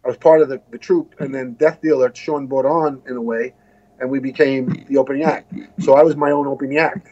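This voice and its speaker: A man's voice: medium pitch, steady tone, brisk, warm tone. Rambling American man on dull audio. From United States. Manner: rambling, many restarts and asides. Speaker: guest musician. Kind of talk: casual interview storytelling.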